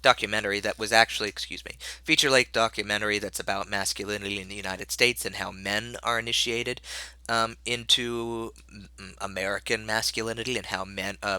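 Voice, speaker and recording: Give me a man recording a casual video lecture, his low, very bright voice dry and close to the mic, talking in a rambling way with lots of fillers and restarts, a bit under the weather. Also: clear, resonant tone, dry recording. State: slightly ill, coughing. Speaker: college instructor.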